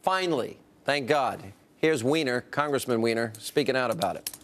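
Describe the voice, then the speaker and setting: A man hosting a political panel show, combative and quick to interrupt. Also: medium pitch, lively intonation, fairly bright tone. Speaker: TV host.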